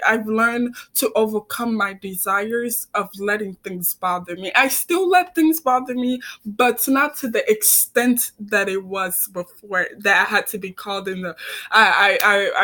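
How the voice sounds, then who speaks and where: A woman's voice: on the high side, fairly bright tone. A young woman vlogging about her own life, earnest and heartfelt, often stumbling and repeating words as she speaks into a phone camera. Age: young adult. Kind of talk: personal storytelling to camera.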